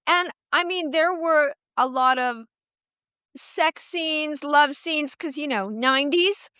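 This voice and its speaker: A middle-aged woman with a high voice hosts a loose, casual conversation. She tells bawdy, profane stories with plenty of laughter. The sound is dry, with no room echo. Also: slow, pushed and bright. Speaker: podcast host. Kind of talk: casual chat.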